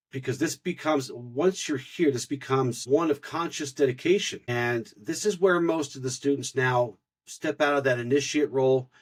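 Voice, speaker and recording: Male podcast co-host, middle-aged, husky voice, earnest spiritual teacher. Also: medium pitch. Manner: earnest, explanatory, repeats words while thinking.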